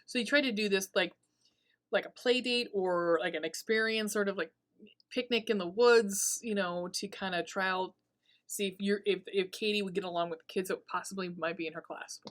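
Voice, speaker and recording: A woman's voice: mid-range voice, normal speed. A woman hosting a podcast, casually recapping a horror movie, swearing freely and laughing often as she tells the story. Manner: profane, laughing, animated storytelling. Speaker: podcast host.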